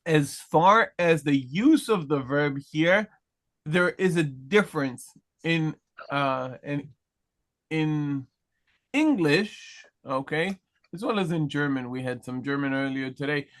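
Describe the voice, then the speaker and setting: A man teaching a Hebrew grammar class to students, explaining patiently, checking in with "okay?" and asking the class questions. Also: fairly high pitch. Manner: slow deliberate pace with many pauses and restarts.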